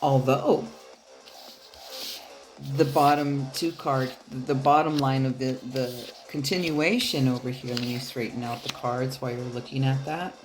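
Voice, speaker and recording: Over music, a tarot reader speaks straight to her audience in a casual, chatty reading, swearing at times and laughing often. She has a bass voice, a steady tone and a measured pace.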